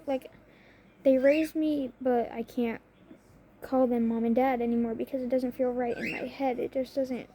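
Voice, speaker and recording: A young woman talks through personal matters to the camera, restarting her sentences and filling gaps with "like". Her voice sits a little high, and she coughs now and then. A faint noise runs under the recording. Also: mellow. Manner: rambling, self-interrupting, frequent "like" fillers. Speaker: vlogger. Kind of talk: personal confessional talk.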